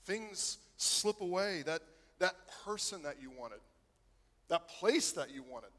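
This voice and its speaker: Excitable preacher man in a big hall. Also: a little high, slow. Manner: storytelling, swinging from hushed to excited. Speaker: pastor. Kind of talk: sermon.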